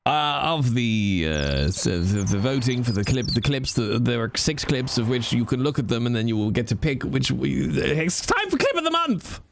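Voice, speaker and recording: A man's voice: mid-range voice, normal speed, gravelly, hardly any pauses, slight background noise. A man streaming, chatting casually to his viewers, rambling and laughing often.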